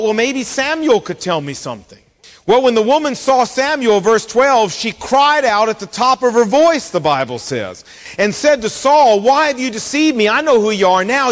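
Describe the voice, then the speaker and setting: A man delivers a sermon in a high, lifted voice, retelling scripture with lively storytelling and acted-out lines. His voice carries a long reverb, as if spoken in a large hall. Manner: expressive Bible storytelling, acting out quotes. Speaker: pastor.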